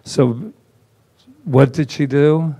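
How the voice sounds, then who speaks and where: A man's voice: a little high, steady tone, extremely slow, warm tone, husky. A man, a reverend, telling a personal story to his congregation in a theatrical, self-mocking way, acting out quoted lines. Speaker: reverend presenting at a spiritual center. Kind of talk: animated storytelling talk.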